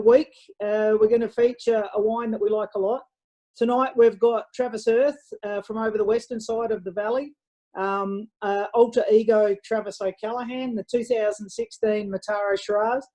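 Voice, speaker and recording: A woman's voice: a little high, dark tone, poor audio. A woman from Australia hosting a casual live-streamed wine show, chatting in a rambling way with lots of fillers.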